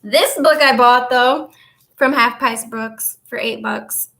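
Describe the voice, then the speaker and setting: A woman's voice: fairly high pitch, takes it slowly, a bit bright. Chatty woman vlogging while tidying up. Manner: chatty, rambling, answers viewer comments. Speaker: vlogger and spiritual coach. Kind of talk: casual chat to viewers while tidying.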